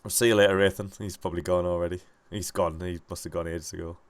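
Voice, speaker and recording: A young man chatting casually while gaming with friends, swearing freely and rambling through animated stories. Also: low voice, quick pace. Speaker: gamer playing with friends over voice chat.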